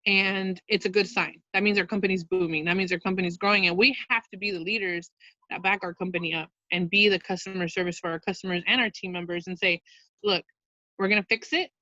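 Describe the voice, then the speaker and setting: Woman, sales team leader, casual chatty training, bright tense voice, dry dull lo-fi video call sound. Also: lowish voice, steady tone, quick pace, dry recording. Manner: chatty and upbeat, many fillers and "you guys".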